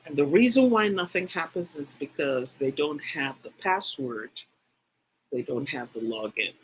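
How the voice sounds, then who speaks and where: A woman teaching spiritual matters on a livestream, in an unhurried, deliberate delivery. Her voice has a husky, slightly breathy grain. She leans hard on key points, repeats her phrases for weight and breaks off to address the viewers typing in her chat. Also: low-pitched, animated, low-quality recording. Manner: emphatic, repeats phrases for stress; speaks directly to live chat viewers.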